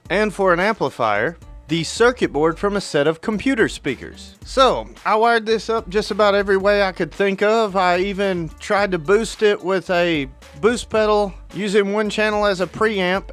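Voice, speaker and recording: A man's voice: high voice, a bit bright. A man from northern Alabama narrating his guitar electronics build in a plainspoken, matter-of-fact way.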